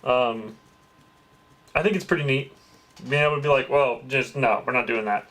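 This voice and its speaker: A man's voice: medium pitch, moderate pace, long pauses, fairly bright tone. Chatty man hosting a crafting stream. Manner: chatty, reads and greets chat, swears lightly. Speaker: crafting livestream host. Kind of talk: casual livestream chat.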